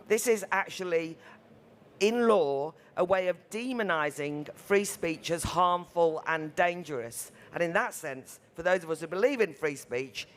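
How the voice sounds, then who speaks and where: A woman delivering an impassioned, emphatic speech on a conference panel. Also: on the low side. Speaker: panel speaker. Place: conference venue.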